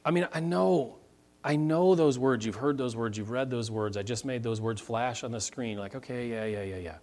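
A middle-aged man preaching a sermon, swinging from quiet asides to loud, emphatic points. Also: medium pitch, moderate pace. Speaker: pastor.

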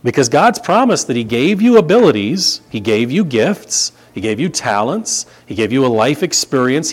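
Man, pastor, sermon, lively rising and falling pitch, scripture reading. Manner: animated preaching with scripture reading.

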